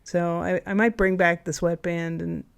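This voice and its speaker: A woman's voice: on the low side, level tone, moderate pace, vocal fry. A woman in her fifties, a guest in a casual interview chat, who meanders and restarts her sentences. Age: 50s. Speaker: camp owner, guest.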